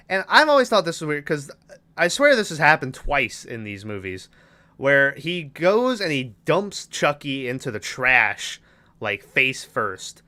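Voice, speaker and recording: A young man hosting a podcast, casually recapping a movie plot with loose, profane storytelling and quick character voices. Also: mid-range voice, pushed and bright, clear, resonant tone. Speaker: podcast host recapping a film. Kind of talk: casual chat.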